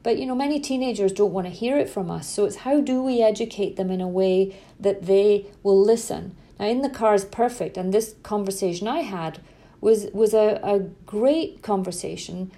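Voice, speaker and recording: Earnest middle-aged woman coach, mellow voice. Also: medium pitch, normal speed. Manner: emphatic, repeats words for stress, tells anecdotes. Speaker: parenting coach. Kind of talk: earnest spoken talk to parents.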